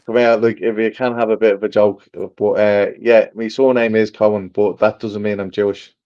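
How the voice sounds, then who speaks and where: A man's voice: fairly low pitch, little pitch movement, moderate pace, darkish tone. Joking Irish man on a lo-fi line. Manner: teasing, laughs often. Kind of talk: casual joking podcast banter.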